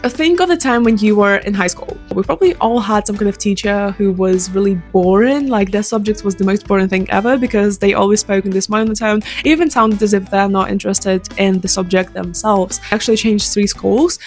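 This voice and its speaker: A young woman talks close into a microphone, handing out sales advice in a direct, upbeat, conversational way. Her pitch sits in the middle of the range for a woman. Soft background music plays faintly behind her. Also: a little fast, few pauses. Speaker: sales coach. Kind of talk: casual talking-head advice.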